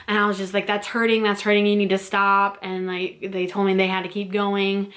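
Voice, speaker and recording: A woman's voice: mid-range voice, monotone, brisk, fairly bright tone. Emotional young woman telling her birth story. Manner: emotional, rambling with many fillers and restarts. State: teary, close to crying. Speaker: vlogger. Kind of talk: casual personal storytelling.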